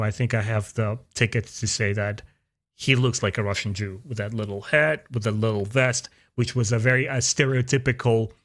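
A man hosting a podcast, chatting casually and opinionatedly, his pitch jumping up for emphasis. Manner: opinionated, animated, jumps into high pitch for emphasis. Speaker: podcast host. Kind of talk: casual chat.

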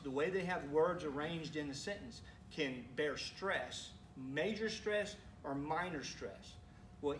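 A man preaches in a church sanctuary with an easygoing, questioning delivery and playful asides. His voice sits a touch high for a man. The recording is roomy and echoey, with the mic some distance away and a faint hiss underneath. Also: pushed and bright. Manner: conversational, asks the congregation questions, teasing asides. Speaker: pastor. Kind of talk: sermon.

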